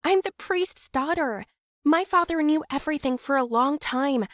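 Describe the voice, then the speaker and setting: A woman's voice: high voice, normal speed, no echo, studio quality, pitched above the performer's own voice, lightly acted. A woman voicing a bold, kind young girl who insists on proving a point. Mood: earnest. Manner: urgent, insistent.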